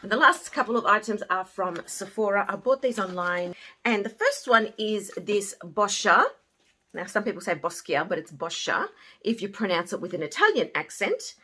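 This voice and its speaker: A woman casually reviewing beauty products she bought, chatty and often trailing off softly at the ends of her thoughts. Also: medium pitch, animated, normal speed. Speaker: beauty haul vlogger.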